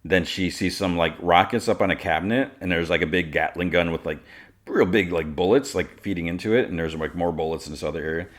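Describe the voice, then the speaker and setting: A man's voice: sits low, brisk. A man hosting a podcast, casually recapping a cartoon episode with lots of filler words. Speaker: podcast host.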